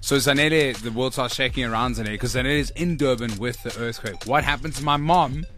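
A man's voice: medium pitch, fast, pushed and bright, soft background music. A young man co-hosting a radio show, chiming in with jokes and teasing banter. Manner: joking, teasing. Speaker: radio co-host.

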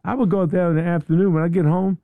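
A man's voice: sits high, very fast, no echo, phone-quality sound. A man hosting a radio talk show in a studio, chatting casually and often repeating words as he goes. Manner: animated, repeats words and restarts.

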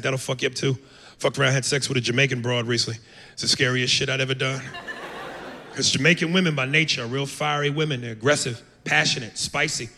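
Brash gravelly stand-up comic man. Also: medium pitch. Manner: brash, profane, loud acted-out voices. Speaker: stand-up comedian. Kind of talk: stand-up set. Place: comedy club stage. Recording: live club with long reverb, noisy.

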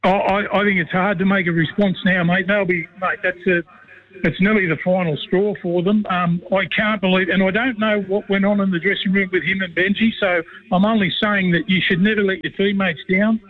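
A man's voice: sits high, steady tone, brisk. A middle-aged Australian man, a former player and commentator, rambling through stories on a radio show and saying "mate" in nearly every line. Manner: rambling storyteller, says "mate" constantly. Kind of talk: casual radio chat by phone. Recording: tinny phone line.

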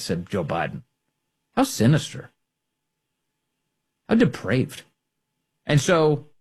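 A man's voice: a little high, husky. A man delivering an emphatic, sarcastic political opinion monologue as a host. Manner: sarcastic, emphatic, with mocking quoted voices.

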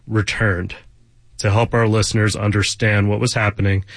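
A man's voice: on the low side, flat delivery, normal speed, no room sound. A man hosting a public radio membership drive, earnestly thanking donors and praising a colleague. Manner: earnest, appreciative. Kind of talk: pledge drive appeal and interview.

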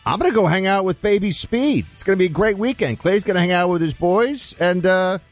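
A man's voice: high voice, expressive, brisk, soft background music. A man co-hosting a talk radio show, bantering in a wry, playful way.

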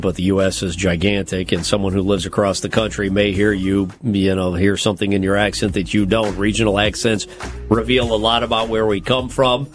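A somewhat low-voiced man trades jokes on a casual podcast, reading news items aloud with wry asides. Faint music plays underneath. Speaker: podcast co-host. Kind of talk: casual comedic podcast chat.

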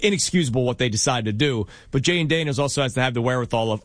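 A man co-hosting a sports talk radio show, arguing his points in an animated, emphatic way. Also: medium pitch, very fast, hardly any pauses, no room sound, clean studio sound.

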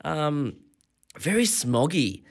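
A man's voice: a little high, big pitch swings, takes it slowly, vocal fry. An Australian man in his forties, a radio host telling rambling travel stories in a casual on-air monologue. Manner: rambling anecdotal storytelling.

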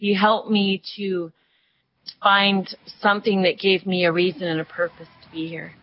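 An older woman recalling the past in an interview, with reflective, halting phrasing. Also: medium pitch, little pitch movement, no echo. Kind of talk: interview storytelling. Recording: dry dull lo-fi recording.

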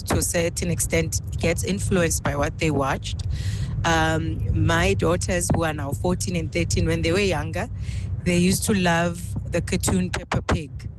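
A woman's voice: on the low side, steady tone, measured pace, background noise. A mother calling in to a radio show, speaking thoughtfully about her daughters. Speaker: caller.

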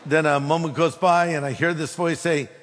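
A man preaching a sermon, telling a humorous personal story in an animated way. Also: on the high side, normal speed, long reverb tail. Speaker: pastor.

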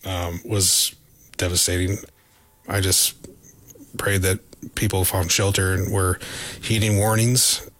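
A man with a very deep voice recalls a frightening time in an interview, flat and subdued. His pitch barely moves, and the recording is dry and close. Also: takes it slowly, long pauses, dry recording. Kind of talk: interview recollection.

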